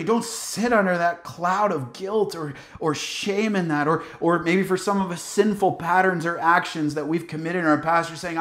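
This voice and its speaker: Earnest high-voiced preacher man, roomy echo. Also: moderate pace, hardly any pauses, fairly bright tone. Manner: earnest, exhorting, repeatedly addresses listeners as loved ones. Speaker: pastor. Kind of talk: sermon.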